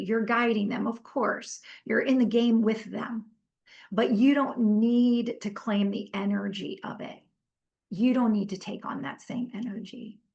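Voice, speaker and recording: A woman's voice: a little high, dull audio. A middle-aged woman teaching a workshop in a casual, conversational way, telling stories and asking her group for comments. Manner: animated storytelling, conversational with fillers. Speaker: workshop trainer.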